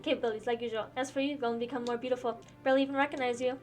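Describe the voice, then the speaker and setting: A woman's voice: on the high side, fairly even intonation, racing, close to an everyday voice. A woman reading aloud and voicing a flamboyant male musician who talks in a grand, theatrical way.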